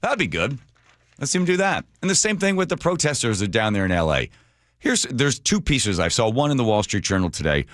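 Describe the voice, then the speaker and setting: A man's voice: mid-range voice, big pitch swings, a little fast, fairly bright tone, no echo. A man hosting a talk radio show, delivering sarcastic commentary full of mocking rhetorical questions into a studio microphone.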